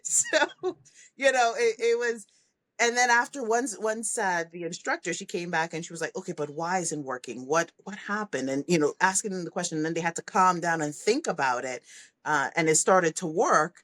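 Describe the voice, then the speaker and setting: A woman's voice: fairly low pitch, moderate pace. A middle-aged woman, a leadership coach, talking in a conversational interview, animatedly telling stories with plenty of laughs. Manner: animated storytelling, acts out kids' voices, laughs often. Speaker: podcast guest, leadership coach.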